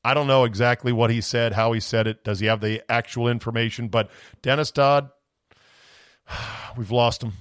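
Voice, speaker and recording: A man's voice: medium pitch, steady tone, normal speed, a bit bright, clear, resonant tone, no room sound, clean studio sound. Ranting sarcastic male sports podcaster. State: voice going from screaming. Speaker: podcast host.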